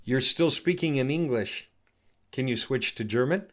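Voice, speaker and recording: A man hosting a casual software demo, chatty and thinking aloud as he clicks through. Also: medium pitch, moderate pace. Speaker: host demonstrating software. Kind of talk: casual screen-recorded product demo.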